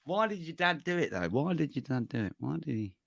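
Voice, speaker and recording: A man's voice: fairly high pitch, sing-song, brisk, creaky, fairly bright tone, no echo, studio quality. A man hosting a livestream chat who keeps pressing his guest with questions. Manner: probing, laughing along. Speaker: livestream host. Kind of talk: casual chat.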